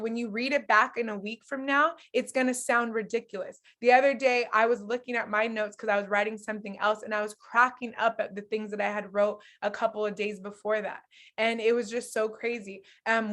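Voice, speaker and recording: A young adult woman with a slightly high voice teaches a relationship masterclass, coaching couples. She's candid and animated, laughing often.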